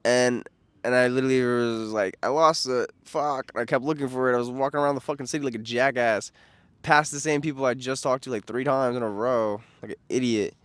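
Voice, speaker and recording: A young man from New York with a New York accent, rambling casually and excitably about a trip, slangy and profane, losing his train of thought. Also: medium pitch, a little fast, clean tone, dry recording. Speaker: vlogger.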